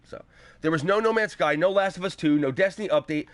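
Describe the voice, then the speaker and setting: A man's voice: high-pitched, fast, no room sound. A young man hosting his own show, ranting about video games with heavy swearing and sarcastic mock quotes of other people. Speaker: show host. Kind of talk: ranting gaming commentary.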